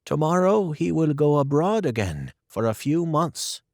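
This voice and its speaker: A man voicing a brisk, kindly young housemaid in a storybook reading. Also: fairly high pitch, big pitch swings, creaky, darkish tone, no room sound, studio quality, voice pushed up, exaggerated voice. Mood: bright.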